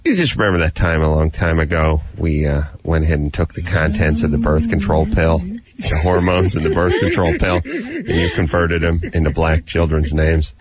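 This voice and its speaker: A man's voice: rumbling low, expressive, moderate pace, crowd noise. A man hosting a radio show, joking dryly in casual banter with a guest. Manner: dry, joking. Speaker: radio host.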